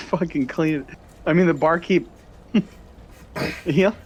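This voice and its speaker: Halting man narrating as game master. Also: fairly high pitch, lo-fi sound, background noise. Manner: halting narration with many fillers and restarts, laughs often. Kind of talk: casual tabletop game narration.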